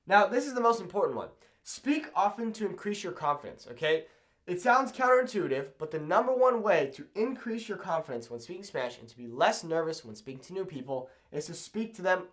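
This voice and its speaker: An upbeat young man teaching to camera, his voice swinging widely in pitch and sitting a little high. He keeps a casual, encouraging tone and ends point after point with "okay?". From Southern California. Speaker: language learning YouTuber.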